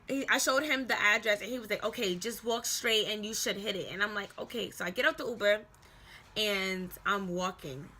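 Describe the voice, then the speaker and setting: A young woman telling a casual storytime vlog, animated and slangy, acting out quoted voices. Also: medium pitch, a little hiss or hum. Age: young adult.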